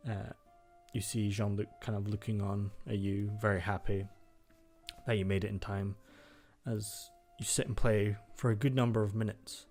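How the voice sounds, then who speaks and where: A man's voice: lowish voice, little pitch movement, normal speed, darkish tone, faint music behind. A man narrating as game master, loose and full of fillers.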